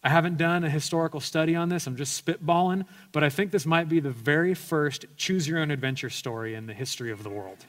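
A man's voice: fairly high pitch, fast, few pauses, fairly bright tone. A male pastor preaching an earnest sermon, telling personal stories with self-deprecating humor and frequent restarts.

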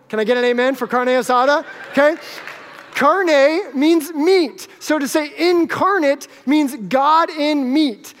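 A male pastor preaching a sermon to a live congregation, conversational and joking with the audience. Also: very high voice. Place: church sanctuary with live congregation. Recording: long hall reverb.

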